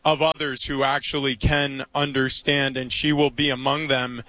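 A man's voice: medium pitch, level tone, moderate pace, pushed and bright, dry recording, poor audio. A man on a sports talk show, speaking earnestly and with emphasis.

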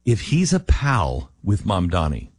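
A man's voice: low voice, measured pace, husky, no echo, studio quality. A man hosting a talk radio show, giving emphatic commentary and reading ads live. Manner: animated, emphatic, drops into quoted voices.

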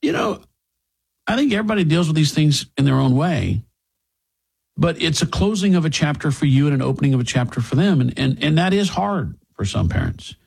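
A man's voice: on the high side, expressive, a little fast, creaky, darkish tone, husky. A middle-aged man hosting a talk show, rambling through opinions and asides in a casual monologue with frequent restarts. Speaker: radio talk show host.

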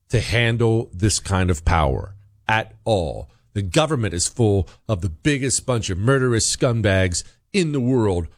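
A man behind a talk radio mic, hammering his points home with rhetorical questions. His pitch swings widely as he argues, and the sound is dry and close. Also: no echo. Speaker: radio talk show host. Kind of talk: opinionated talk radio monologue.

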